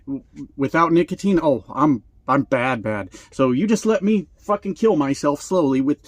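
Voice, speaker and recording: A man's voice: on the high side, expressive, normal speed. A man and truck driver vlogging, ranting in a profane, sarcastic, rambling comedic way, a little short of breath. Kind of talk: comedic rant to camera.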